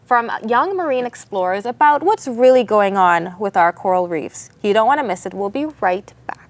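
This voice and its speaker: A woman's voice: medium pitch, lively intonation, normal speed, no room sound. A woman from the Bahamas co-hosting a studio talk show, chatting playfully and exclaiming about the stories. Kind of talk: casual chat.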